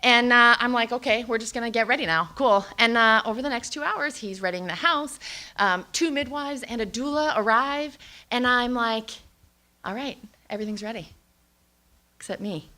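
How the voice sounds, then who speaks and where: A woman in her thirties telling a candid, lively personal story and acting out her own reactions. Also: fairly high pitch, moderate pace.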